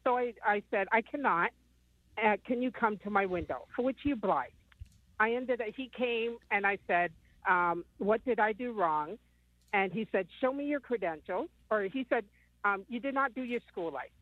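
A woman's voice: medium pitch, normal speed, no room sound. A woman in her fifties, calling in, telling her story in a rambling way full of ums. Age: 50s. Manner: rambling retelling with many ums. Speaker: caller. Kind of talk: phone-in call. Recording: tinny phone line.

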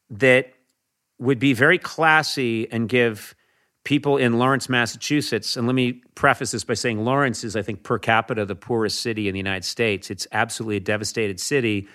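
Man with a bright, animated voice. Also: medium pitch. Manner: earnest, animated storytelling with frequent restarts. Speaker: podcast guest. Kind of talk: casual conversation.

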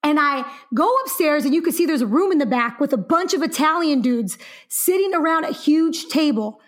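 A young woman co-hosting a podcast, telling a story in a lively, chatty way and laughing often. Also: high-pitched, moderate pace. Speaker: podcast co-host. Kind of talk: casual podcast chat.

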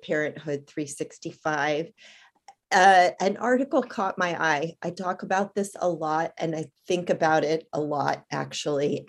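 An older woman, a grandmother, co-hosting an interview and asking measured, thoughtful questions. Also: lowish voice. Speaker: co-host. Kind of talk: casual interview chat.

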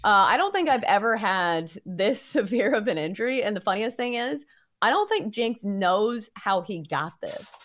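A woman's voice: mid-range voice, lively intonation, normal speed, a bit bright. A young woman hosting a sports betting podcast, chatting playfully and saying "like" often. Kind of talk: casual chat.

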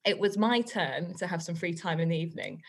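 A woman, a guest on a podcast, telling a story in a chatty, animated way and laughing often. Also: on the low side, fairly quick. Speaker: guest author and teacher.

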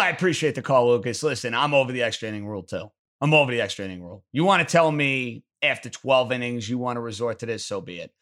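Sports radio host, male, bright and punchy delivery, blunt opinions. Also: mid-range voice. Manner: blunt, emphatic, ranting. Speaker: sports talk show host. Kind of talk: opinionated sports call-in commentary.

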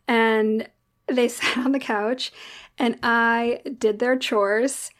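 A woman's voice: on the high side, very slow. A woman who is the mother of young girls, telling a story in casual chat and acting out the dialogue. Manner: animated storyteller, acts out dialogue.

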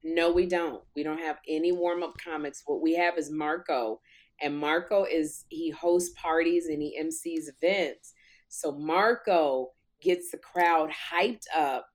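A woman comic telling a story in lively chat, acting out quotes in a loud voice. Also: low-pitched, measured pace. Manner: animated, acts out quotes loudly. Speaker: talk show host and comic, guest.

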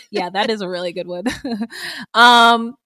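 A woman co-hosts a true-crime podcast in a casual, profane way, with a fairly high voice that swings widely in pitch. She laughs often and jokes with her co-host. The recording is close and dry. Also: lively intonation, measured pace, bright, forceful tone, dry recording.

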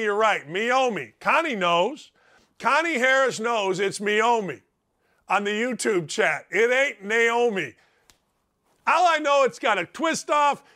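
Animated high-voiced American man ranting. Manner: blunt, folksy, rambling, swings between loud and muttered asides. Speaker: sports radio host. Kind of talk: animated monologue giving advice.

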